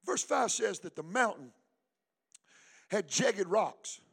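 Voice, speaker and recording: A man pastor preaching a sermon in church, rising into shouts and a sing-song cadence and calling for the congregation to respond. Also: high-pitched, animated, takes it slowly, vocal fry, husky.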